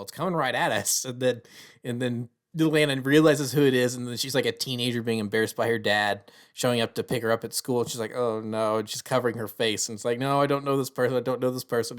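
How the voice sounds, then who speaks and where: A man giving a casual, rambling film review, full of restarts and quote-unquote asides. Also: mid-range voice.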